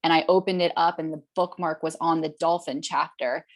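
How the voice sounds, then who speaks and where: A woman's voice: low voice, steady tone, a little fast. A woman hosting a group call, telling stories in an earnest, encouraging way. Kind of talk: casual group call chat. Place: online group video call.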